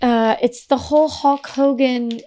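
A woman's voice: sits high, fairly even intonation, unhurried, warm tone, slight background noise. A woman co-hosting a podcast in casual chat, rambling and trailing off mid-sentence. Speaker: podcast co-host.

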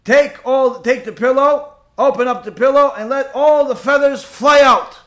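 A man's voice: very high-pitched, normal speed, fairly bright tone. A man voicing a wise old sage who patiently instructs a student step by step. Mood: instructing. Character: calm, wise old male sage teaching a lesson.

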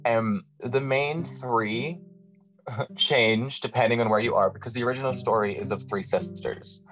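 An Irish man talking as a podcast guest in a lively, casual way, often restarting his sentences. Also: mid-range voice. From Ireland. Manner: animated, talks fast with many restarts. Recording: dull lo-fi audio with faint music.

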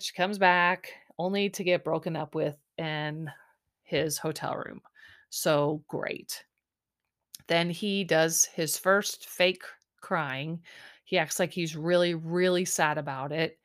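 Woman host, slightly low pitch, casual sarcastic recap monologue. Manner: chatty, sarcastic, lots of fillers.

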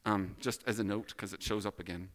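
A man's voice: lowish voice, fairly even intonation, brisk. A man teaching a Bible study in a casual, self-deprecating way, asking rhetorical questions.

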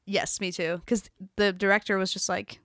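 A young woman co-hosting a relaxed chat podcast, her pitch sitting in an ordinary middle range. She laughs often and slips into quick quoted lines. The sound is close and dry, with no room around it. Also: no room sound. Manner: giggly, quotes scenes in bursts of laughter. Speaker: podcast co-host. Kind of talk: casual chat.

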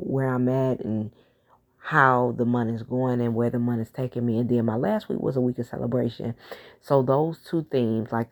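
A woman hosting a solo podcast, talking through her plans in a relaxed, reflective way with lots of fillers and restarts. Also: rumbling low. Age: adult, has a daughter. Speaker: podcast host. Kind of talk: casual solo podcast talk.

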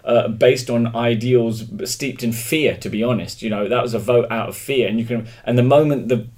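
A man's voice: mid-range voice, moderate pace, darkish tone. An English man speaking as an interview guest, opinionated and emphatic, thinking aloud with frequent restarts in a casual conversation.

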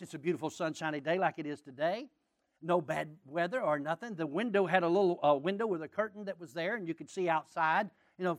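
Gravelly high-voiced preacher. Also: male voice. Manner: animated, often shouting and laughing while telling a story. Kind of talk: storytelling sermon.

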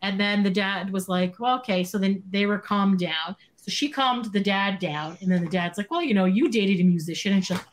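A woman co-hosting a casual chat, retelling a TV episode with lively acted-out lines and some swearing. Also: mid-range voice, a little fast, hardly any pauses. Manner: animated retelling, acting out characters' lines, swearing. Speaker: podcast co-host.

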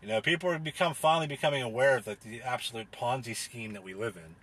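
A man's voice: mid-range voice, fast, a bit bright, breathy edge. A man delivering an angry, profane rant, hammering his points with blunt repetition. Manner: angry, heavy swearing, repetitive emphatic phrasing. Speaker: podcast host. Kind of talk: profane ranting monologue.

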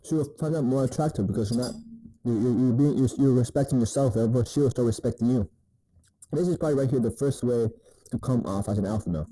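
A man in a casual advice vlog, talking in a very dark, mellow voice. He swears constantly and tacks "man" onto his sentences in a loose, drawling delivery. The sound is dry and close, with no room echo. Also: mid-range voice, fast, breathy edge. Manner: crude, profane, repeats "man" often. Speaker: dating advice host.

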